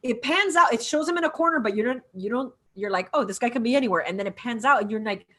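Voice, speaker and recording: A woman co-hosting a casual podcast about a film, talking animatedly and acting out the characters' lines in quick bursts. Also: a little high, bright, forceful tone. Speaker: podcast co-host. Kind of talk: casual film discussion over drinks.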